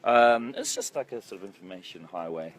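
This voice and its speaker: A man's voice: on the low side, lively intonation, brisk, rough recording. A man directing a film who hosts a casual walking livestream, rambling and joking about himself with many ums, filmed on a phone held at arm's length. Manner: rambling, jokey and self-mocking, with many ums. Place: outdoor film set by a lake. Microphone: phone held at arm's length while walking. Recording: outdoor set noise behind the voice.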